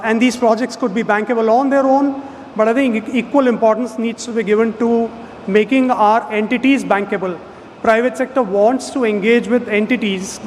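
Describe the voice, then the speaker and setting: A man giving a measured conference speech as a development finance official, pausing often with fillers. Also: sits high, slight background noise. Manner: measured, frequent uh fillers and restarts. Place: large conference hall. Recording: reverberant hall with faint background ambience.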